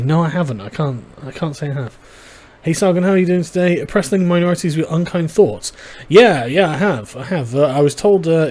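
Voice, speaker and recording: Male livestream host with a slightly high voice, dry and sarcastic, reading out chat. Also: a little mellow. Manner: wry, sarcastic, dry asides.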